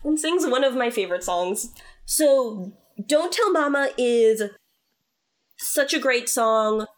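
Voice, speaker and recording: A woman's voice: on the high side, lively intonation, slow pace. A woman co-hosting a casual chat, talking through a musical's story with opinionated enthusiasm. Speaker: podcast co-host.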